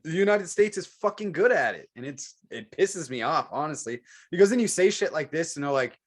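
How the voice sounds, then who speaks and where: A man's voice: a little high, animated, fairly quick, hardly any pauses. A man co-hosting a podcast, talking politics in a heated, profane, rambling way. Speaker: podcast co-host. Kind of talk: casual political chat.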